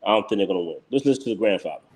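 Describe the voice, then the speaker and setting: A man's voice: fairly low pitch, expressive, rapid-fire, darkish tone. A man hosting his own channel, giving blunt, heated live reaction commentary that repeats its points and breaks into laughter. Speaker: channel host.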